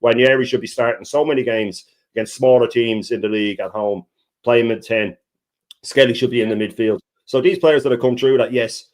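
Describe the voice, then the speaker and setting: Guest type: man with a mid-pitched voice, rapid-fire, heated and emphatic. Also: steady tone. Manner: fast, heated opinions. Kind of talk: casual live chat.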